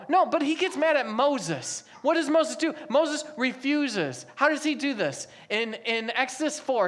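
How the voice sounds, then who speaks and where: A woman's voice: sits high, a bit bright. A young adult woman preaching a sermon as a pastor, asking the congregation a stream of rhetorical questions.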